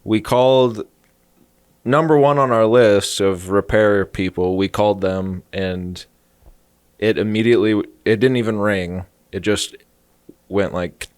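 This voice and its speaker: A man's voice: on the low side, steady tone, unhurried, clean tone, dry recording, studio quality. A man in his thirties co-hosting a comedy podcast, telling a rambling story with jokey asides. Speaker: podcast co-host. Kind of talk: casual comedic chat.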